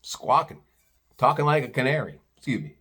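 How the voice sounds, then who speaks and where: A man's voice: mid-range voice, big pitch swings, normal speed, a bit bright. A middle-aged American man tells a long personal story in a loose, rambling way. He talks bluntly and swears without a second thought. It sounds like casual, unscripted chat. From United States. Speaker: vlogger.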